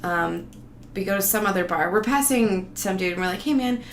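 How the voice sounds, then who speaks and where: A woman's voice: lowish voice, a little fast, fairly bright tone. A woman telling a casual, rambling travel story, profane and sarcastic. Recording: roomy echo, faint background noise.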